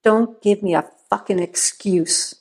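A woman's voice: mid-range voice, a little slow, a little mellow, slightly rough. Woman voicing a growling tough sheriff. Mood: commanding. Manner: growling, clipped orders. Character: hard-bitten male sheriff, commanding.

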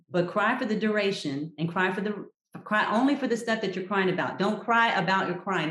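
A woman's voice: mid-range voice, animated, brisk, hardly any pauses. Woman health coach, roomy sound. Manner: emphatic, direct advice-giving. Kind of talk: podcast interview. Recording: roomy echo.

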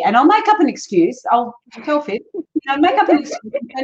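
A woman's voice: high-pitched, very animated, brisk. A woman raised in Australia hosting a podcast in casual chat, chatty and often restarting her words. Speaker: podcast host. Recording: dull lo-fi sound.

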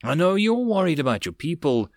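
A man voicing a gentle, caring young princess in an audiobook, speaking softly in a raised voice. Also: sing-song, a little fast, no room sound, studio quality. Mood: soothing. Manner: soft and soothing, raised pitch. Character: gentle, caring young princess, woman, fierce when pushed.

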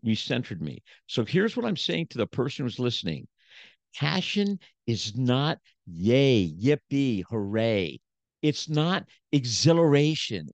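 In a relaxed podcast interview, a preacher and motivational speaker shares his life story, repeating himself with emphasis. He speaks at medium pitch, and the lo-fi recording has no echo.

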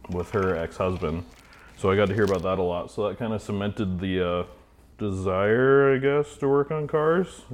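Man, podcast guest, lowish voice, easygoing, halting with 'uh' and 'kinda'. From Idaho. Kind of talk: casual interview answers.

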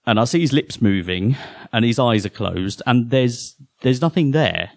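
A man performing a first-person horror story live on a theatre stage, halting and often repeating his words. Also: medium pitch, lively intonation, creaky, a little mellow, no room sound.

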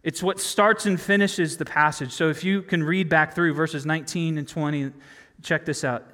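A man's voice: on the high side, fairly even intonation, moderate pace, fairly bright tone. A man preaching a sermon in a conversational way, asking his listeners rhetorical questions. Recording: long hall reverb.

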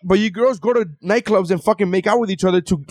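A young man hosting a podcast, a comedian telling a profane story in an animated way. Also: high voice, fast.

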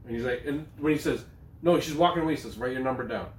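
A man's voice: mid-range voice, quick pace, distant mic, a little hiss or hum. A man in his thirties co-hosting a casual chat, swearing freely and retelling funny movie scenes with lots of laughter. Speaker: podcast co-host. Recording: echoey room, voice off-mic.

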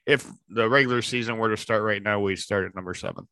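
A man's voice: on the low side, steady tone, fast, pushed and bright, dry recording. A man co-hosting a podcast in casual chat, candid and talking in bursts. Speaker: podcast co-host.

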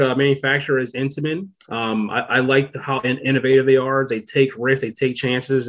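Man, podcast host, casual chat, rambling, excitable, mid-pitched voice, muffled lo-fi audio. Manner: rambling, excitable, many fillers.

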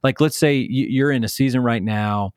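A man's voice: mid-range voice, moderate pace, smooth, dry recording, studio quality. A man co-hosting a podcast, affirming his partner and speaking encouragingly, often trailing off and restarting. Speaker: podcast co-host. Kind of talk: casual conversational podcast.

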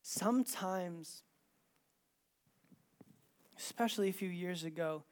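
High-voiced man preaching with raw emotion. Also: takes it slowly. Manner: emotional storytelling, swinging from hushed near-whispers to loud, intense emphasis; casual, with many "like" fillers. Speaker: pastor. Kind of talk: sermon.

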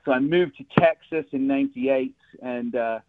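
A man's voice: medium pitch, moderate pace, a little hiss or hum. An Englishman with a British accent telling his story as a podcast guest, chatty and laughing often. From England. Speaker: guest, recruiting firm CEO. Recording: phone-like narrow line.

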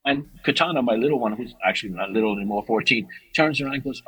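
A man's voice: quick pace, husky, poor audio. A middle-aged man, a martial arts teacher and podcast guest, chatting casually and animatedly, often restarting his sentences. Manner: animated storyteller, restarts often, rises in pitch for emphasis. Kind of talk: casual conversation.

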